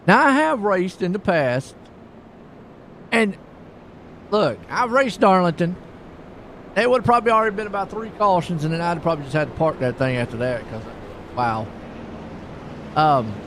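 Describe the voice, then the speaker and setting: A man giving live play-by-play on a sim race, folksy and excitable, chatting with viewers between calls. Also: sits high, measured pace, pauses often. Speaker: sim racing commentator. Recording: noisy stream with car engine sound.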